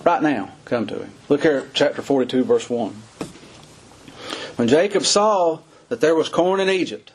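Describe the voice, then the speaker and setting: A man's voice: a little high, animated, normal speed, slightly rough. A middle-aged man preaching a sermon in a folksy, dramatic way that rises into urgent cries.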